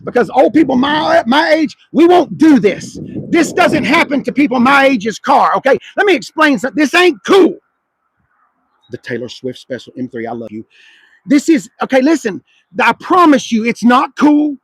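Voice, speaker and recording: A middle-aged man, hosting a casual walkaround car review at an outdoor car lot and mocking the cars he sees in loud, profane rants. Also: very high-pitched, big pitch swings, normal speed, husky, dry recording, low-quality recording.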